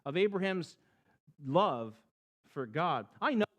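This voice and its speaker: A male pastor preaching a Sunday sermon, his voice rising and falling in lively swings. He speaks slowly and deliberately, with a fairly high pitch for a man. His delivery is that of an expressive storyteller. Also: lo-fi sound.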